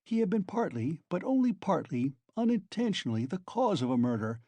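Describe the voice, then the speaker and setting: A man's voice: high-pitched, big pitch swings, a little fast, mellow, no echo, heavily acted. A man voicing a sly, genial male investigator who talks in a fussy, insinuating way. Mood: musing. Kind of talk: audiobook character reading.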